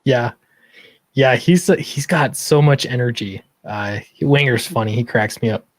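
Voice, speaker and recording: An easygoing man hosting a casual late-night stream, agreeing and chatting loosely. His voice sits at a middle pitch, recorded dry and close. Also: moderate pace, no echo. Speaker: stream host.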